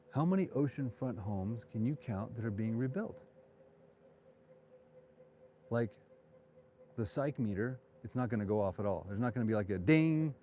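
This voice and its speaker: A man's voice: on the low side, warm tone, slight background noise. A man, a realtor, chatting and joking in opinionated asides while walking outdoors through town streets on a live vlog tour, filmed on a handheld phone.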